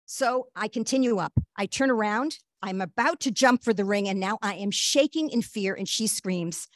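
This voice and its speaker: A woman guest shares a personal story in an earnest, halting voice that leans on fillers and small restarts. Her pitch sits in an ordinary middle range. The sound is dry and close, with almost no room around it. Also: no echo. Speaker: guest speaker.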